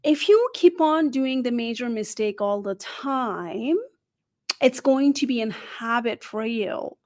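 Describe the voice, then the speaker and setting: A middle-aged woman who is not a native English speaker gives job interview advice on a live stream, lively, asking the audience questions and often adding "right?". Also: a little high, slow. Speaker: career coach.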